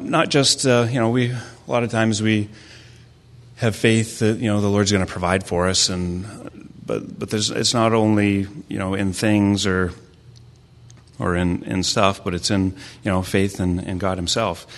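A man in his thirties giving an informal sermon, talking haltingly with many restarts and fillers. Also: sits low. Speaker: preacher sharing a devotional. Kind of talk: informal sermon with family stories.

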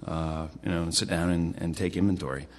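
A man's voice: sits low, fairly even intonation, brisk. A man preaching a casual, conversational sermon, often repeating himself and restarting his phrases. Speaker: pastor.

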